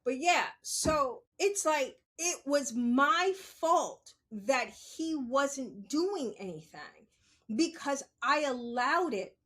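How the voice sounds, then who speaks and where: A woman telling a personal story on a podcast in a casual, animated way, swearing freely and laughing as she goes. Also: high-pitched, slow. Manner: animated, profane, laughs while she talks.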